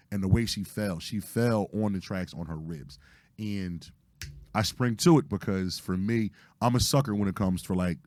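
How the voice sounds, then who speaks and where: A man with a hoarse, lowish voice tells a story, animated and full of cursing. He acts out the lines of the people in it. The sound is dry and close. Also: no room sound. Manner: animated, profane retelling with acted-out quotes. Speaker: podcast host. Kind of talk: casual storytelling.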